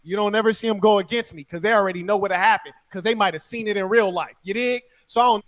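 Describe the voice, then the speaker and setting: A man with a high voice speaks in a boastful, threatening way, tagging his lines with quick questions. The sound is close and dry, like a clip from an interview. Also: a bit bright, dry recording. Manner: boastful, threatening, tag questions like "you heard me".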